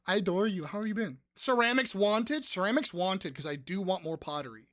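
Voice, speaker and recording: Animated, excitable woman hosting a stream game. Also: mid-range voice, quick pace, few pauses, dry recording. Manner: excitable, profane, bursts into shouts and squeals.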